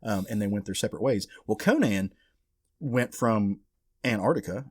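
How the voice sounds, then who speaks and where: A man co-hosts a casual podcast about comic books in a husky, lowish voice at a moderate pace. He retells a comic story as an animated storyteller, acting out characters' lines and swearing.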